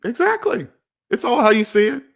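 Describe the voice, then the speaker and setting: A man hosts a live finance stream and reads out viewer comments as they come in. He talks bluntly and with a lot of energy, and he puts on voices for the people he quotes. His voice sits at an ordinary middle pitch. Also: lively intonation, normal speed.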